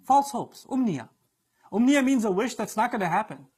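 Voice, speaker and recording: Man, high voice, preacher, emphatic, acts out quotes. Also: animated, moderate pace, a little mellow, breathy edge. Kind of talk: sermon.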